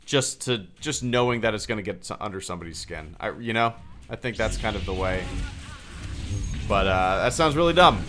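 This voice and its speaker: A man's voice: on the low side, expressive, unhurried, pauses often, music in the background. A man hosting a live stream, chatting casually and loosely while he plays, with plenty of fillers and restarts. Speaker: streamer and channel host.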